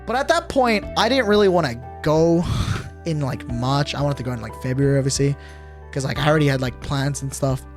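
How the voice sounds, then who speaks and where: A man's voice: a little high, expressive, fairly quick, faint music behind. A young man streamer telling a storytime on a livestream, exasperated and swearing a lot, with frequent restarts.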